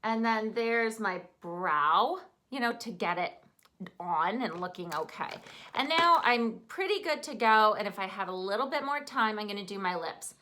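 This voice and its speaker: A woman's voice: mid-range voice, expressive, moderate pace, bright, forceful tone. A woman with a Canadian accent, chatting casually through a makeup tutorial in an upbeat way. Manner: chatty, upbeat, talks while applying makeup. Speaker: makeup artist.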